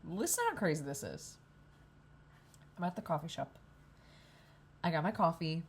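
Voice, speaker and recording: A woman's voice: deep voice, animated, moderate pace, breathy edge. A young woman rambling in a candid, profane vlog at a coffee shop, hungover. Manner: rambling, profane, self-deprecating. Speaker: vlogger.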